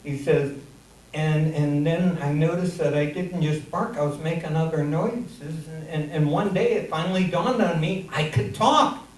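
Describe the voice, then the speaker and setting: Heard from a distance in a noisy, echoing theater, an audience member works through a long shaggy-dog joke on the comedy stage, full of restarts and repeated words. He speaks at a moderate pace with a fairly high, slightly mellow voice.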